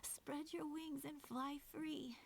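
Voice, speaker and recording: A dying, gentle young sibling. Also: female voice, sits high, steady tone, gravelly, a little hiss or hum, exaggerated voice. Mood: tender. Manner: soft, halting farewell speech. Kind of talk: video game cutscene voice acting.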